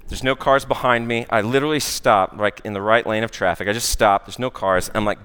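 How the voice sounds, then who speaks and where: A man with an American accent, a worship director giving a conversational sermon with a personal story, often pausing on "uh" and asking "right?". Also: on the low side, fairly bright tone, clean tone. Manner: conversational, many "uh" fillers and "right?" asides. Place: church or worship hall. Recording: long church-hall reverb.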